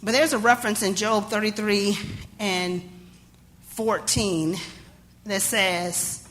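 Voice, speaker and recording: A woman's voice: mid-range voice, steady tone, slow, fairly bright tone. A woman life coach giving an emphatic, playful motivational talk, repeating phrases for effect.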